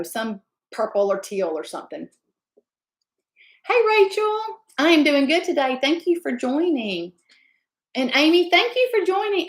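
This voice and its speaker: A woman's voice: fairly high pitch, echoey room. A woman, hosting a casual live stream and chatting effusively as she greets viewers by name. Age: 50s. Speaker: livestream host.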